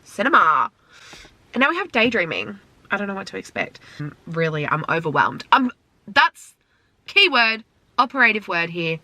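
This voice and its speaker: A woman's voice: medium pitch, sing-song, normal speed, bright, forceful tone, no room sound. A young woman vlogging her reaction to music from inside her car, gushing and emotional. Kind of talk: casual reaction commentary. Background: album music playing.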